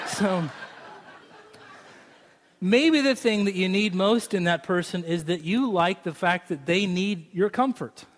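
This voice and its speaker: A man's voice: high-pitched, lively intonation, slow pace, pauses often. A man preaching a sermon in a chatty, humorous way, joking with his listeners. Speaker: pastor. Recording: long hall reverb from a large room.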